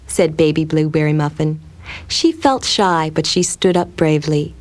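A woman gently and expressively narrating a children's storybook. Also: deep voice, normal speed.

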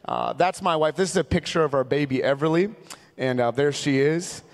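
In a large church sanctuary, a man in his thirties from Minnesota preaches at normal speed with a voice on the high side. He's a traveling evangelist whose sermon unfolds through humorous, conversational stories, and the hall's long reverb is audible.

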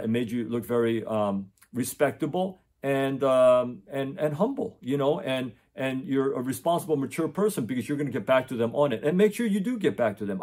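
With a mid-range voice and a darkish tone, a middle-aged tutor speaks unscripted in front of his camera indoors. The camera mic records him as he fills his talk with fillers and frequent restarts.

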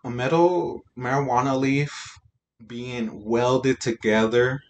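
A man's voice: mid-range voice, steady tone, slow pace. A young man as a podcast guest, chatting casually in an easygoing, slangy way with lots of filler words and swearing. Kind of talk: casual chat.

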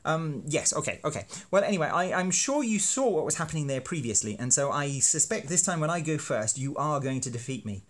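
A man's voice: on the high side, expressive, a little fast, few pauses. A man explaining a teaching card game in a playful, self-deprecating, hammy way. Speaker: university lecturer making teaching videos. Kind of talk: educational explainer.

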